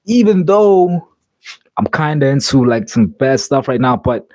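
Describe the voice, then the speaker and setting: A man's voice: medium pitch, big pitch swings, measured pace, darkish tone, dry recording. A man on a livestream, out of breath and boasting to his chat. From South Africa. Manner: boastful, talking straight to chat.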